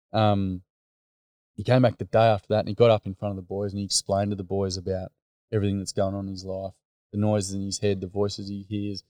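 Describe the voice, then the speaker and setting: Speaking in a fairly low, slightly mellow voice, an Australian workshop facilitator gives a frank, casual interview, voicing characters' lines as he spins his stories. The studio recording is clean, with no room sound.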